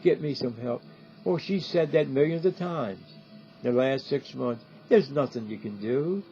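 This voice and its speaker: Over faint music on a dull, lo-fi recording, an older man gives a meandering on-camera talk, repeating his points and often asking "See?". His mid-range voice is animated and mellow, at a normal speaking speed.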